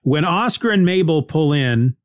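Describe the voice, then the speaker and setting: A man's voice: on the high side, expressive, a little slow, no echo. A man hosting a podcast, casually recapping a TV episode in a rambling way, restarting sentences and laughing lightly.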